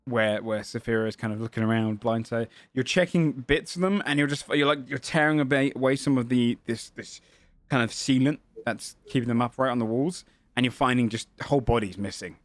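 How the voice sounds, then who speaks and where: A man's voice: medium pitch, fairly quick, no echo. A man running a tabletop game as game master, describing scenes at length with frequent fillers and self-corrections.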